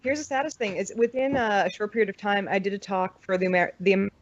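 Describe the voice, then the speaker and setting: A woman's voice: mid-range voice, fast, no echo. A woman from the United States, a podcast guest chatting casually, telling stories, swearing freely and acting out what people said. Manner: chatty storyteller who swears freely and acts out quotes. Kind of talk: casual chat. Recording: dull dry recording.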